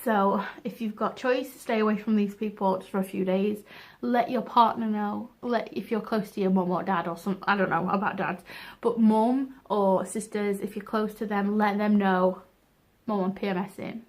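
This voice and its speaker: A woman's voice: medium pitch, steady tone, normal speed, darkish tone. A young woman giving frank, chatty advice in a casual vlog, laughing at herself now and then. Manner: chatty, frank, self-deprecating. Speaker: vlogger.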